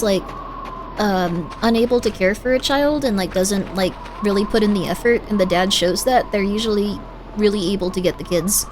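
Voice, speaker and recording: A young woman streaming a game, chatting casually and sympathetically with her chat. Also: mid-range voice. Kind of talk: casual gameplay commentary, reading chat.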